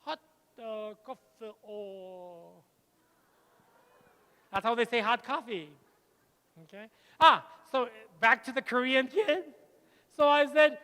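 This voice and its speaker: A middle-aged man, giving a lively plenary talk to teachers and telling anecdotes. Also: very high-pitched, slow, pauses often. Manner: lively, switches between English and Spanish, tells anecdotes. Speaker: conference speaker. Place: large lecture hall. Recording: long hall reverb.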